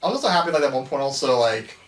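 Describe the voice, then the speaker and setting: A man's voice: mid-range voice, lively intonation, racing, a bit bright. A man hosting a casual movie review chat, rambling with frequent restarts and laughs between points. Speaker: podcast host. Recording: echoey room, mic far off.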